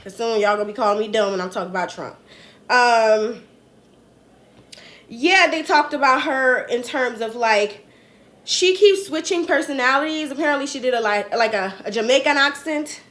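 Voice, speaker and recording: A young adult woman with a New Jersey accent hosts a casual political commentary livestream, chatty, slangy and rambling. Her voice is on the high side and a bit bright, moving at a moderate pace.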